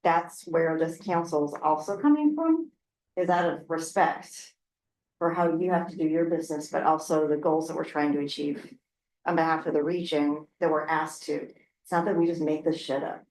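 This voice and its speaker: A frank, low-voiced regional council president from Oregon makes informal remarks at a council work session, chatty and candid, with laughs and fillers. She talks at normal speed with a darkish tone, recorded from a distance in a roomy city council meeting room with faint noise.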